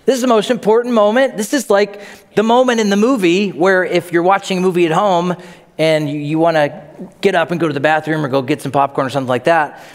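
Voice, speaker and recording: A middle-aged man preaching a sermon as a pastor, telling stories in an animated way and acting out the voices he quotes. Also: high-pitched, fast talker. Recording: long hall reverb.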